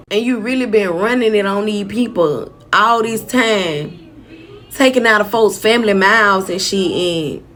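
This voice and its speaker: Blunt, indignant woman telling a story. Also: mid-range voice. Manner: animated, with sudden shouts. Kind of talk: casual storytime vlog.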